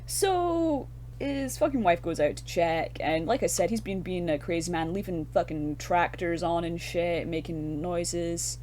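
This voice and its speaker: A woman's voice: lowish voice, measured pace, a little mellow, a little hiss or hum. A young woman co-hosting a casual film review podcast, retelling scenes in a loose, sweary, laughing way. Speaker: podcast co-host.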